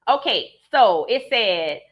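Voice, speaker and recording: A woman with a New Orleans accent hosting a live stream, giving emphatic, animated commentary and reading out viewer comments. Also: medium pitch, slow pace, muffled recording.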